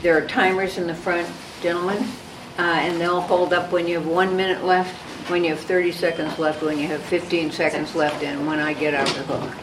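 Low-voiced woman moderator in an echoey hall. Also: level tone, normal speed, few pauses. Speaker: forum moderator. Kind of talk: moderating a public forum. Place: community center meeting room. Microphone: no microphone, room sound. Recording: echoey room from far off, noisy.

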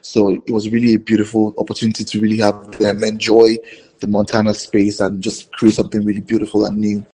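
A man's voice: fairly low pitch, monotone, a little fast, warm tone, breathy edge, poor audio. A man, a filmmaker, giving rambling interview answers full of fillers and restarts. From Nigeria.

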